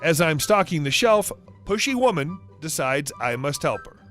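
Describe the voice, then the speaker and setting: A man narrating stories with a slightly high, very animated voice that rises and falls through each sentence. Faint music plays underneath his scripted storytelling. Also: normal speed. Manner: lively storytelling, acts out dialogue.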